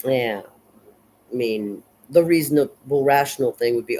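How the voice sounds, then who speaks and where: A woman casually recapping and analyzing a film in a rambling, unhurried way, full of fillers and restarts. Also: rumbling low, dark tone, slight background noise, low-quality recording. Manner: unhurried and reflective. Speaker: film reviewer.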